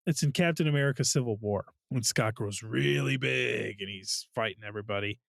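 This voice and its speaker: A man's voice: mid-range voice, fairly quick, gravelly, a bit bright, no room sound, studio quality. A man co-hosting a casual podcast, telling movie scenes in an easygoing way and acting out the quotes. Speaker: podcast co-host. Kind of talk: casual chat.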